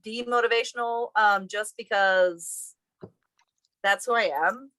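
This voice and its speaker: A woman college instructor chats casually with her co-teacher at the end of a class session. Her voice is bright and forceful. She tells stories with animated, playful exasperation, and the recording is close and dry. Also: a little high, a little slow, dry recording, poor audio.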